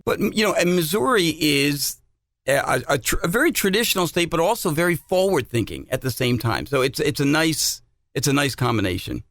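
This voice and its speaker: A man's voice: on the high side, big pitch swings, brisk, fairly bright tone, dry recording. A middle-aged man co-hosting a podcast, telling stories in a chatty way and repeating words as he goes. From New Jersey, USA. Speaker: podcast co-host. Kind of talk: casual podcast chat.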